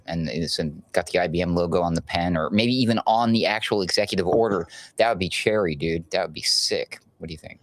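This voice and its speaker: A man's voice: low voice, dry recording. A man co-hosting a casual political commentary chat, sarcastic and joking as he muses. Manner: sarcastic, joking, drawn-out musing. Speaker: co-host.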